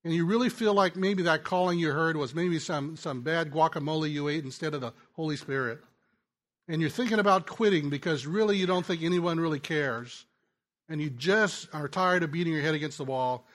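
Male pastor, sermon delivery, conversational storyteller, somewhat high-pitched, stumbles and restarts. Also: a little fast. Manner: conversational storytelling, drops soft and quiet in tender moments; frequent restarts and stammers. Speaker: pastor and ministry teacher.

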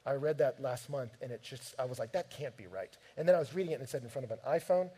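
A man preaching a sermon, telling stories from his home life in an animated, direct way. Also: mid-range voice, quick pace, breathy edge. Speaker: pastor.

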